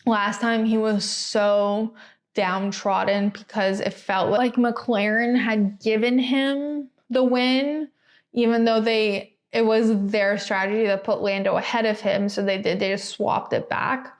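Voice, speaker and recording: Speaking a little slowly in a mid-range voice with fairly even intonation, a young podcast co-host keeps things casual. She giggles a lot and leans heavily on "like" as filler.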